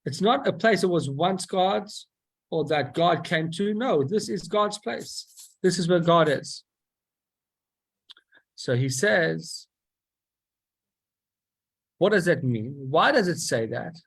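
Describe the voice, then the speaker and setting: A man's voice: fairly high pitch, expressive, takes it slowly, creaky, long pauses, husky. A man teaching a class, explaining a religious text and posing questions and then answering them himself, with frequent restarts.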